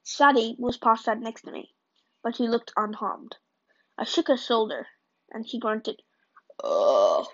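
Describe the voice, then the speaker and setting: A woman reading a novel chapter aloud in a plain, unpolished way with occasional slips and restarts. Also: on the high side. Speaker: reader of a novel. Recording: dull lo-fi recording.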